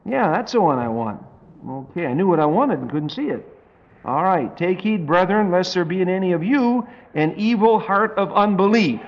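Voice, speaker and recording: A man preaching a verse-by-verse Bible study with dry, folksy humor, reading scripture slowly. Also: sits high, lively intonation. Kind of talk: verse-by-verse Bible teaching sermon. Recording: dull lo-fi tape recording.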